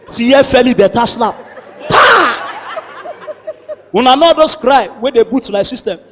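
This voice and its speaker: A man with a Nigerian accent doing stand-up comedy in pidgin, telling stories with animated voices and shouted sound effects. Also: very high voice, a little fast, in a large hall, slight background noise. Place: large hall before a live audience.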